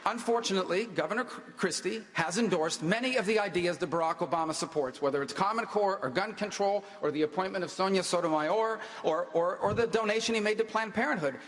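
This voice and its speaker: A man speaking as a candidate in a political debate, delivering rapid, forceful lines with lots of repetition, recorded at a podium mic. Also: high-pitched. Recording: live on stage in large reverberant hall.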